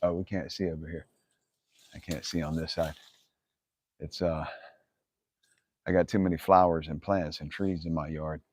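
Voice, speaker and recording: A man's voice: a bass voice, level tone, moderate pace, pauses often, a little mellow, husky, no room sound. A man hosting a casual livestream from his yard, rambling and swearing, laughing often. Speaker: livestream host. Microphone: phone camera.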